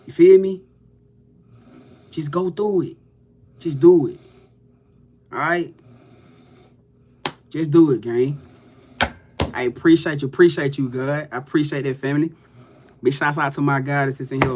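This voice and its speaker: A man's voice: on the high side, fairly bright tone, a little hiss or hum. A man giving a loose, profane, hyped-up motivational pep talk to his viewers as a livestream host.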